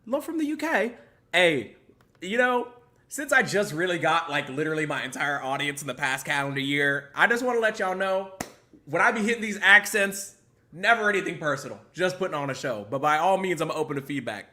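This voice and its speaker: A man's voice: a little high, expressive, a little fast, bright, forceful tone. A man hosting a podcast, reacting to a video in a laid-back, joking way and reading out viewer greetings. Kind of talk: casual reaction commentary.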